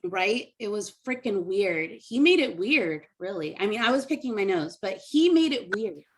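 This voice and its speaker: A woman's voice: medium pitch, sing-song, normal speed. A woman comic doing a rambling, self-deprecating stand-up set on a video call. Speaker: stand-up comedian.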